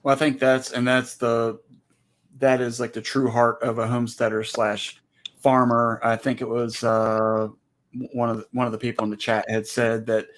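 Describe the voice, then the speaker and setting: Guy co-hosting a chat, pretty flat voice, halting as he works it out. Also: mid-range voice. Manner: halting, thinks aloud. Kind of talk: casual livestream chat.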